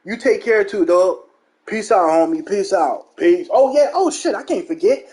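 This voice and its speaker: A man's voice: high voice, sing-song, normal speed, darkish tone. A young man hosting his gaming channel, giving a profane, mocking, emphatic rant about games. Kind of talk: ranting gaming commentary.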